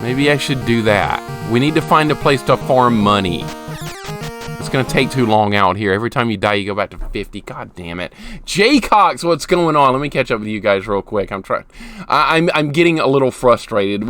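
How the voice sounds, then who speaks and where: A man doing live gameplay commentary for his stream, chatting with viewers as he plays. His voice swings lively up and down, breaking into frustrated outbursts at the game. Faint music plays behind him. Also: medium pitch, moderate pace.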